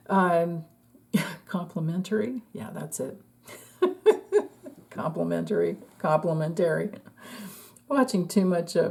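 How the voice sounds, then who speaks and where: A woman's voice: on the low side, mellow. A woman astrologer giving a casual, chatty forecast, laughing often and trailing off mid-thought.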